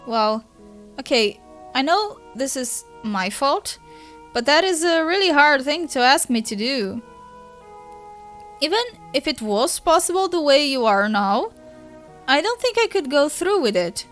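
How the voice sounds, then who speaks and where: A woman with a Brazilian Portuguese first language voicing a patient teenage girl who calms and coaxes a crying friend. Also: high-pitched, unhurried, soft background music, exaggerated voice. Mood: coaxing. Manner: soothing, coaxing.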